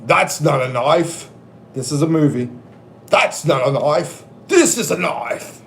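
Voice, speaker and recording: A man's voice: on the high side, animated, slow, a bit bright, a little hiss or hum, heavily acted. A man doing a cocky Australian bushman. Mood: boastful.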